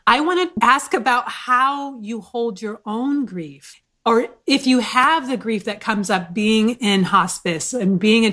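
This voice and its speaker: Bright, bubbly woman podcast host. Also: mid-range voice. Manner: effusive, enthusiastic questioner. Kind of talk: podcast interview.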